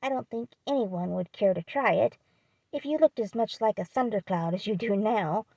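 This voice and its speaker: A spirited young woman from a storybook, brisk and frank, who coaxes where she can, as a woman reads her aloud. The voice is mellow and a bit gravelly, and there is no room sound. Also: medium pitch, dry recording, rough recording. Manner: brisk, direct.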